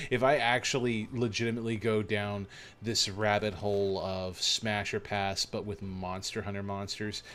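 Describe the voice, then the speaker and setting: Playful rambling male game streamer. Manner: playful, rambling, excitable with sudden high yelps. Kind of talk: casual stream commentary while gaming.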